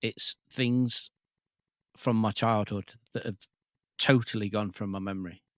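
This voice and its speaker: A man in his forties, a podcast guest in casual chat, excitable and swearing freely. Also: fairly low pitch, unhurried, no room sound, clean studio sound. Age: 40s.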